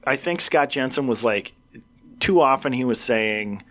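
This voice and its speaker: A man's voice: mid-range voice, normal speed. A man co-hosting a casual political talk show, retelling comedians' bits and acting out the quotes with a laugh.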